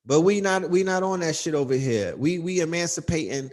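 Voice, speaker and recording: A man's voice: on the high side, animated, brisk, darkish tone. A man hosting a livestream, ranting in an emphatic, profane, casual way, often asking "you know what I mean.". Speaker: livestream host.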